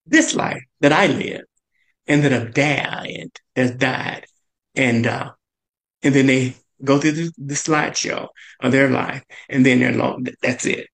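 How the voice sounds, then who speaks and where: Gravelly man telling a personal story. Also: a bit bright, rough recording. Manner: halting, many "and, uh" fillers; pitch leaps up when quoting others. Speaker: guest chef.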